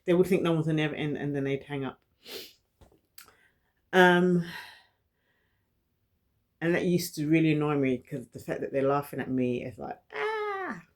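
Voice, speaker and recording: A woman's voice: low-pitched, steady tone, moderate pace, long pauses. A middle-aged woman, telling a personal story to camera, who stutters and repeats words and laughs between thoughts. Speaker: vlogger.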